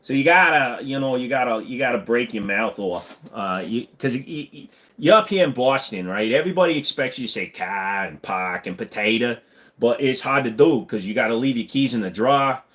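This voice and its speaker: A man's voice: medium pitch, expressive, brisk, few pauses, fairly bright tone. An American man hosting a casual live-stream Q&A, rambling and swearing freely. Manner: rambling and profane.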